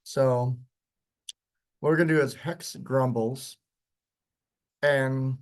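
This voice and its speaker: A man teaching a workshop, walking through software in a casual, chatty way with frequent ums. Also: medium pitch, steady tone, takes it slowly. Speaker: workshop instructor. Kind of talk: live software demonstration lecture.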